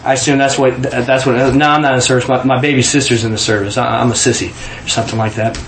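Animated man telling a story, roomy sound. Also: mid-range voice, fast talker, slight background noise. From Kansas, USA. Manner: animated, acts out quoted voices, frequent restarts and laughs. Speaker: guest telling a testimony. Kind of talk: casual storytelling.

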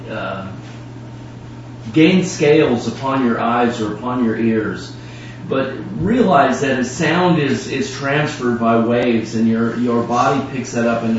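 A man delivers a prophecy in a measured, slightly halting way. He sounds distant in a very reverberant room. The sound is dull with a faint hum. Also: mid-range voice. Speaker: congregation member prophesying. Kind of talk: prophetic word.

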